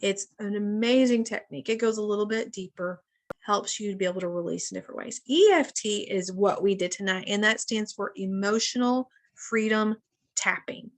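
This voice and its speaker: A woman's voice: mid-range voice, normal speed. A woman in her thirties leading a casual live wellness session over a video call, chatty and often addressing her listeners as guys.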